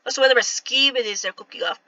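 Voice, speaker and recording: Lady voicing a city informant handing out orders, high bright voice, kinda halting reads, dry lo-fi mic. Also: lively intonation, dry recording. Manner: halting, reads lines with restarts. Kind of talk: reading game dialogue aloud with an attempted accent.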